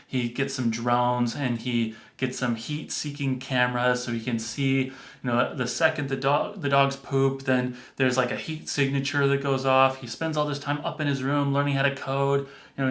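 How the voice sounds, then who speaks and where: A man casually telling a story in a relaxed, conversational way. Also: medium pitch. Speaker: storyteller, energy-work reader. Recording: roomy echo.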